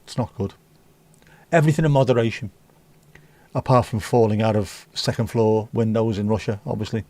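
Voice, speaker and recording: A man's voice: on the low side, fairly even intonation, moderate pace, mellow, no echo. Rambling middle-aged man, casual chat. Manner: rambling, chats while reading viewer comments aloud. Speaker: livestream host.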